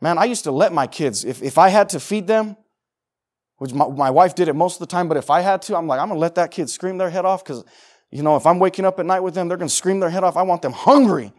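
Middle-aged male pastor, high voice, emphatic conversational sermon delivery with repeated phrases. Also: quick pace.

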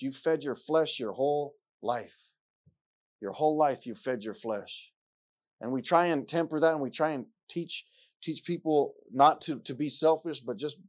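A man preaching a sermon, repeating himself and rising from quiet passages to loud ones. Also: on the high side.

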